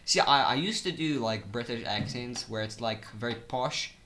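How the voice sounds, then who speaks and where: A man co-hosting a casual podcast chat, joking and teasing in quick, rambling bursts. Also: mid-range voice, sharp tone, soft background music. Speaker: podcast co-host.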